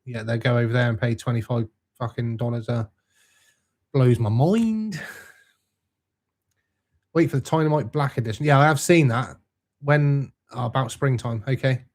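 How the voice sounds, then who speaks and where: A man's voice: mid-range voice, moderate pace, pauses often, darkish tone. A young man hosting a live stream, chatting casually and reading out viewer comments in a laid-back, matey way.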